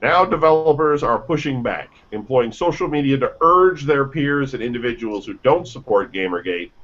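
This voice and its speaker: A man's voice: mid-range voice, animated, moderate pace, fairly bright tone. A man hosting a casual gaming news radio show, reading lists and headlines with offhand asides and stumbles. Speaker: news host. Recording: dull lo-fi sound.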